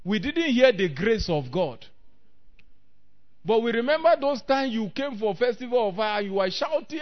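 A man preaching a sermon, reading old-scripture and rising to shouts. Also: very high-pitched, lively intonation, moderate pace. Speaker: pastor. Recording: dull lo-fi recording.

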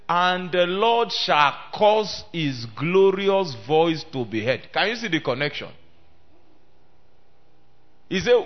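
Man, preacher, sermon, high-ish voice, emphatic, call-and-response, lo-fi sound. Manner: emphatic, swings between loud declaiming and low talk; calls on the congregation to respond. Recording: dull lo-fi sermon recording.

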